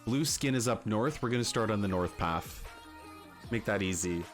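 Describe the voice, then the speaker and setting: A man hosting a casual livestream, talking to viewers in an animated, chatty way and slipping into rants. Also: on the low side, moderate pace, faint music behind. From Canada. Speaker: livestream host.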